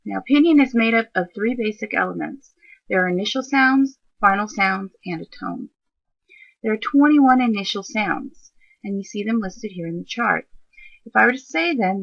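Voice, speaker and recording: A woman teaching a recorded lesson in a gravelly, husky voice. She explains step by step and talks straight to her learners, with fillers along the way. The recording is dry and dull, like a cheap lo-fi mic. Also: mid-range voice, moderate pace, a bit bright, dry recording. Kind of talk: narrated slideshow lesson.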